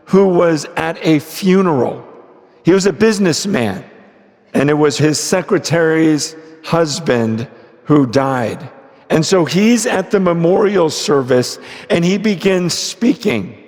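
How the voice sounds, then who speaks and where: A man preaching a sermon, telling a story with dramatic swings from hushed lines to shouted ones. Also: sits high, long reverb tail. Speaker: pastor.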